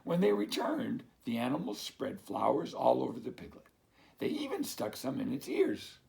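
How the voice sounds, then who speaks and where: A man reading a picture book aloud to children, slow and expressive, as a teacher. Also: medium pitch, gravelly.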